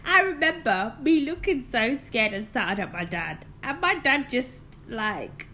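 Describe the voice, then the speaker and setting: A young woman recounts a story on her vlog. Her voice is fairly high and bright, and she talks slowly with lots of animated expression. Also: slight background noise. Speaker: vlogger.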